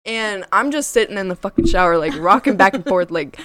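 A young woman spinning a long story in loose, casual talk. She leans on "like" over and over and drops swear words without a thought. Her voice sits at an ordinary middle pitch and swells louder when the story gets tense. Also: a little fast, a crowd in the background. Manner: rambling, fills nearly every phrase with "like", swears freely; grows louder and more animated as the story heats up. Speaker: guest telling a personal story.

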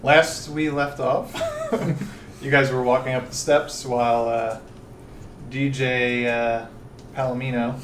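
A man narrating as game master of a tabletop game, halting with many fillers. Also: mid-range voice, flat delivery, reverberant, distant mic, very noisy.

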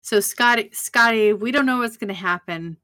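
Casting: wry woman podcast co-host, bright tone, casual swearing. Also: on the high side, moderate pace. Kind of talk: casual chat recapping a show.

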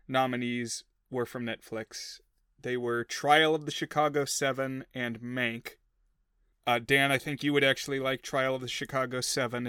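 A man co-hosting a casual film podcast, chatty and joking, with quick asides. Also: medium pitch, sharp tone, smooth, no echo, clean studio sound. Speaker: podcast co-host.

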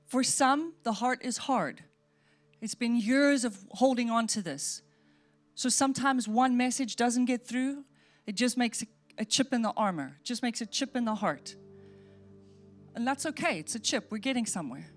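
Woman pastor, fairly high voice, earnest altar-call sermon, faint music under it. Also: moderate pace. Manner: earnest, repeating short phrases, pleading in prayer. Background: soft music.

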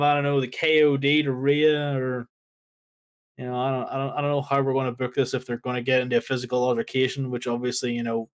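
A man co-hosting a wrestling podcast, ranting in an exasperated, emphatic way in casual chat. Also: medium pitch. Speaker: podcast co-host.

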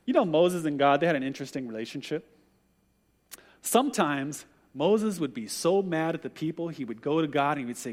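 High-voiced male pastor in a reverberant hall. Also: a little fast. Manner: animated storyteller who acts out quoted voices. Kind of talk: sermon.

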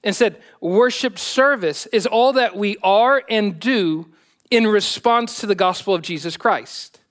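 A man's voice: high-pitched, a little slow, fairly bright tone. A male pastor delivering a sermon with self-deprecating humor.

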